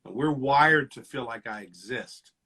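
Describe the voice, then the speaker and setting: A man's voice: medium pitch, measured pace, a crowd in the background. A middle-aged man, a counselor, explaining relationship patterns in conversation and acting out the lines people say in a fight. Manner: animated, acts out quoted lines with shifts in loudness. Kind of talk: teaching conversation.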